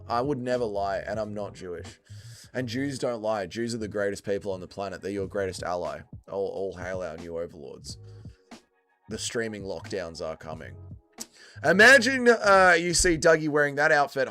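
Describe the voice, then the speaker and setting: A man's voice: on the low side, sing-song, a little fast, sharp tone, soft background music. Aussie guy on a watch-along stream, swears heaps, chats with viewers, voice all over the place. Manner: crude, swears a lot, banters with chat. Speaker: livestream host. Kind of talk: casual fight watch-along commentary.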